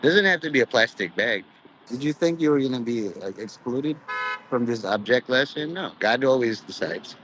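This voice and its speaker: Rambling, profane man at mid pitch. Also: animated, moderate pace, fairly bright tone, slight background noise, low-quality recording. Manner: meandering, profane, peppered with "you know"; mock preachy, drifts into quoted voices. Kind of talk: rambling monologue.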